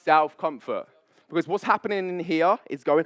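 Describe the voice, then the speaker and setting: A man, a public speaking coach, leading a live seminar on stage with high energy, playful banter and frequent laughs. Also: big pitch swings, normal speed, a bit bright. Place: event stage before an audience.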